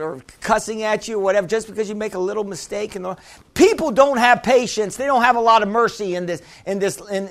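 A man preaching a sermon to a congregation, lively and humorous, laughing often and calling out "Amen?" to the room. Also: high-pitched. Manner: laughs often, restarts phrases.

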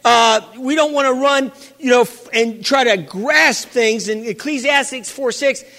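A very high, bright, forceful male voice delivers a sermon a little slowly, echoing through a large church hall with long reverb. The pastor repeats himself and calls for amens from the congregation.

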